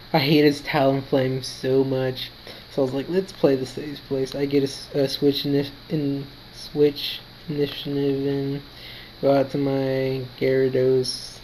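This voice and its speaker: A man's voice: medium pitch, a little mellow, slight background noise, low-quality recording. A tired, yawning man giving casual play-by-play commentary on his own game battle, quoting his own thoughts as he goes. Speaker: gaming commentator.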